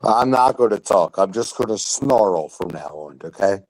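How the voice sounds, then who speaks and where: A young man in casual chat, ranting loudly and profanely about football. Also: low-pitched, lively intonation, moderate pace, rough recording. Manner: loud, profane football rants. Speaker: podcast panelist.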